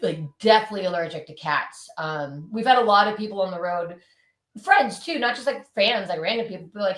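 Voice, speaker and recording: A woman's voice: on the low side, a little fast. A woman in her thirties, a punk band musician, telling stories animatedly in a casual interview chat from her home, swearing freely. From Southern California. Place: home, indoors with dogs. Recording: echoey room.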